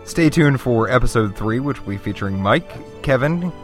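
A man's voice: medium pitch, expressive, moderate pace, faint music behind. A man hosting a podcast, giving an upbeat outro announcement. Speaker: podcast host.

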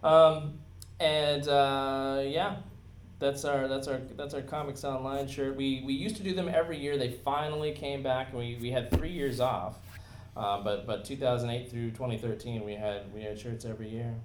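A man's voice: mid-range voice, fairly even intonation, moderate pace, a little hiss or hum. Rambling man hosting a casual chat. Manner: rambling, with many fillers and restarts. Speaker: podcast host. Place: convention venue. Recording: echoey room.

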